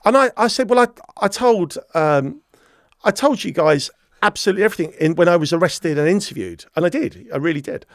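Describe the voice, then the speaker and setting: A man's voice: sits high, brisk, no echo, clean studio sound. A man, a podcast guest telling a story and acting out the dialogue. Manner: animated, acts out quoted dialogue. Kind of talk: storytelling interview.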